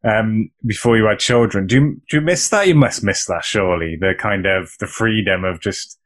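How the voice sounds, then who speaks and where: A man's voice: lowish voice, moderate pace, a bit bright. A man co-hosting a casual podcast, laughing along and asking his co-hosts questions. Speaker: podcast co-host, soon-to-be father.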